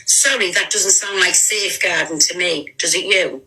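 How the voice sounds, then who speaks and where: A woman argues on a live stream, indignant and insistent. Her voice is very bright and cutting. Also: on the low side, normal speed, low-quality recording. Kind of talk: heated live-stream argument.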